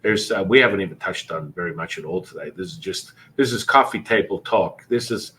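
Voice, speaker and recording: Rambling low-voiced male podcast host. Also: brisk. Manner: rambling, repeats words, many fillers; does animated voices when telling stories. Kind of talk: casual spiritual interview chat.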